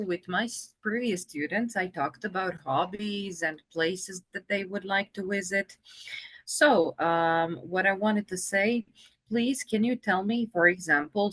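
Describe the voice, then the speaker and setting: A woman's voice: on the low side, a bit bright, no room sound. A woman teaching English in a video-call conversation lesson, patient and encouraging.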